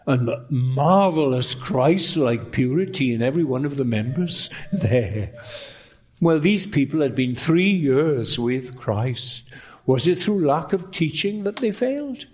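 A male preacher delivering a sermon at an unhurried, measured pace. His voice sits in a middle register, climbing high on emphatic words and dropping to near hushes for effect. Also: breathy edge. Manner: slow, emphatic preaching with rising exclamations and dropped, hushed lines.

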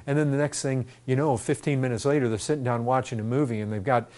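A man's voice: medium pitch, steady tone, fast, hardly any pauses, a little mellow. A man preaching a sermon, earnest and repetitive, building to fervent emphasis.

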